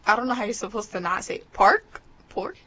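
Bright, teasing young woman hosting a casual chat, lively voice, slightly muffled recording. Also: mid-range voice, brisk. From New York. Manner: giggly, teasing, laughs often. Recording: slightly muffled with faint hiss.

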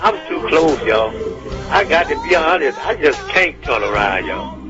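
A man hosting a gospel radio show who talks in a lively, pleading way and keeps saying "y'all". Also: on the high side, moderate pace. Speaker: radio host. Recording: dull lo-fi radio sound with faint music.

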